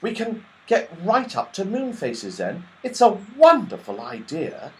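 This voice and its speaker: A man's voice: huge pitch swings, unhurried, fairly bright tone, full character voice, poor audio. Man doing Joe, a sensible young boy. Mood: confiding. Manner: low, confiding.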